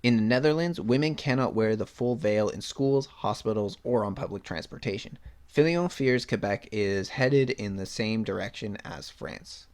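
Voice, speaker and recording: A young man with a slightly low voice hosts his own podcast, reading news aloud in a plain way. He keeps cutting in with blunt, sarcastic asides and swears without a second thought. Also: normal speed, darkish tone. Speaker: podcast host. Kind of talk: solo opinion podcast, reading news and ranting.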